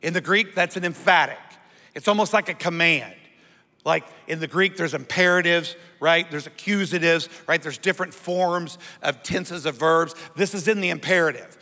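A man's voice: fairly high pitch, normal speed, sharp tone, big-room sound. A male pastor preaching a sermon, using call-and-response and asking the congregation to repeat words after him.

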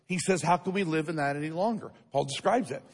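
A man's voice: fairly high pitch, quick pace, husky, in a large hall. A man pastor preaching a sermon to a church congregation, emphatic and asking the crowd questions for responses. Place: church sanctuary.

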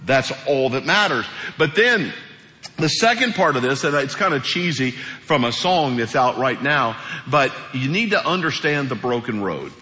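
A male pastor preaching a sermon in a church sanctuary. He speaks in a colloquial, animated way and acts out the voices he quotes. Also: medium pitch, moderate pace. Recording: echoey hall reverb.

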